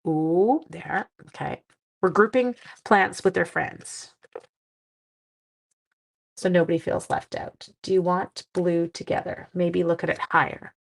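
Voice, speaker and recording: A middle-aged woman from Canada chats playfully through a card-making livestream, her low voice gravelly and a little husky. She sounds tired but keeps talking to her viewers as she works. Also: a little slow. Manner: playful, chatty, talks to viewers while working. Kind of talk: casual crafting livestream chat.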